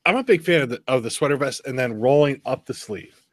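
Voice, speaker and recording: A man hosting a podcast in casual chat, telling stories with lively laughs. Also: mid-range voice, no room sound. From Pennsylvania. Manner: animated storyteller, quick laughs. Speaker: podcast host.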